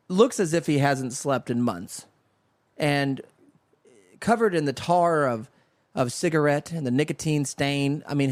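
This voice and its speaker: A man's voice: mid-range voice, no echo. A man hosting a solo comedy podcast, rambling through a story and slipping into voices for the people in it. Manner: rambling, riffing with acted-out voices. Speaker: podcast host. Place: home studio.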